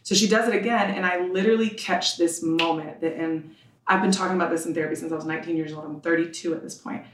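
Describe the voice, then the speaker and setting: A woman's voice: fairly low pitch, fairly even intonation, fast talker, noisy background. A woman in her thirties, a podcast guest telling a raw, emotional personal story and acting out the voices in it. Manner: raw, emotional, acts out quoted exchanges. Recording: roomy sound from a distant mic.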